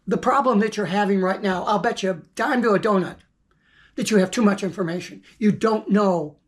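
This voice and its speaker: A woman's voice: mid-range voice, brisk. Blunt, chatty woman teaching forex trading. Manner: blunt, conversational, repeats words while thinking, occasional swearing. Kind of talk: informal teaching monologue.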